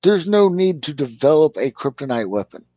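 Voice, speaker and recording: A man chatting on a podcast, animated, retelling scenes and swearing a lot. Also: on the high side, normal speed, no echo, low-quality recording. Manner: animated storyteller, swears a lot, acts out characters' lines. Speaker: podcast co-host. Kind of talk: casual review chat.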